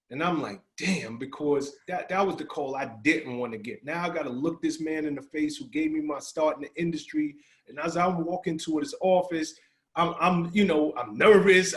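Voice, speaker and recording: A middle-aged man, a podcast guest, telling a personal story in casual talk and acting out the dialogue. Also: on the high side. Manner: animated, acts out quoted dialogue.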